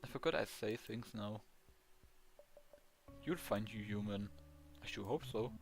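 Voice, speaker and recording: A man's voice: on the low side, measured pace, gravelly, soft background music. A man with a German accent reading the lines of a cheerful, eager male ghost dog in a video game. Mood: earnest. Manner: earnest, eager, simple phrasing.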